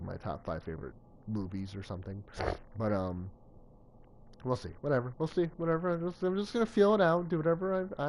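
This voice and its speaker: A young man streaming a video game, chatting casually and bursting into loud cheers, a little out of breath. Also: medium pitch, a little hiss or hum. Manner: excitable, swings from calm to loud cheering. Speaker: gaming live streamer. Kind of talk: casual live stream commentary.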